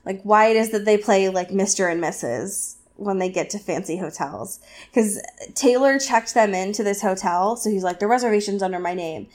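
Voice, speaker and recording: A woman co-hosting a casual podcast, recapping a novel chapter with lots of fillers and quick asides. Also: medium pitch, darkish tone. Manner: chatty, filler-heavy, acts out characters in quick asides. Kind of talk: casual chat.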